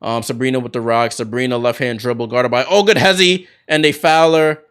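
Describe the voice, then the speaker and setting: A man hosting a basketball watchalong, calling the plays as an excited fan with sudden bursts of hype. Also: medium pitch, brisk, clear, resonant tone. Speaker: watchalong host doing play-by-play. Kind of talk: fan play-by-play commentary.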